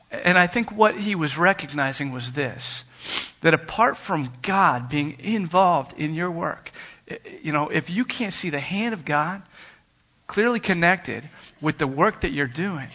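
Earnest man preaching with a gravelly voice. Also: fairly high pitch, bright, forceful tone. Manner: earnest, retells dialogue with many restarts. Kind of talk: sermon storytelling.

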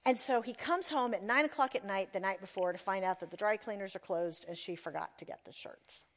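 A woman speaking to an audience, telling an animated story and asking the listeners questions. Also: mid-range voice, a little fast. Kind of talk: talk to an audience.

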